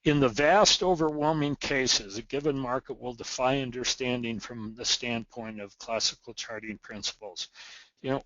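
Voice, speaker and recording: A man's voice: medium pitch, a bit bright, no room sound, muffled recording. Earnest man teaching chart trading. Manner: earnest, emphatic, repeats key words. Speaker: trading educator. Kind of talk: recorded market lesson.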